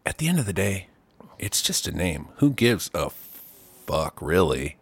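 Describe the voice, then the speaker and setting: A man co-hosting a casual chat, telling stories in an animated, profane way. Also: deep voice, measured pace, breathy edge. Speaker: podcast co-host.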